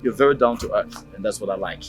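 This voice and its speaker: An actor with a Nigerian Pidgin accent playing a streetwise young man who teases and flatters in a relaxed, easygoing way. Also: fairly low pitch, fast, faint music behind, close to an everyday voice. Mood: teasing. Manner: teasing, easygoing, mixes Pidgin and English. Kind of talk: Nollywood film acting.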